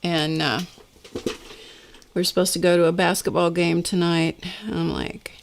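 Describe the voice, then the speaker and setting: A woman hosts a live art stream, talking to viewers as she works. Her voice sits a bit low, and she speaks unhurriedly, rambling and poking fun at herself. A faint hiss of noise runs underneath. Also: flat delivery, measured pace, creaky. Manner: chatty, rambling, self-deprecating. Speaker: host of an art livestream. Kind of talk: casual livestream chat while crafting.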